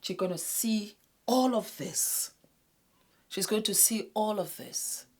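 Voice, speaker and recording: A woman from West Africa hosting a casual commentary video, talking earnestly to her viewers and dropping to a hushed whisper to stress a point. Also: mid-range voice, slow pace. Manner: addresses viewers as "my darlings". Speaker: YouTube host.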